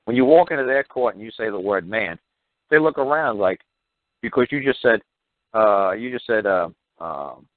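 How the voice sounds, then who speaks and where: A man on a talk show call, explaining court procedure in an emphatic, repetitive way and mocking officials with quick impressions. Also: on the low side, no room sound. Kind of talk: animated phone-in talk. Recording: tinny phone line, dry.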